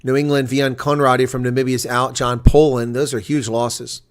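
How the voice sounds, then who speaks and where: A man's voice: medium pitch, level tone, normal speed. A tired man hosting live play-by-play reaction commentary on a rugby match, chatting to his viewers between calls.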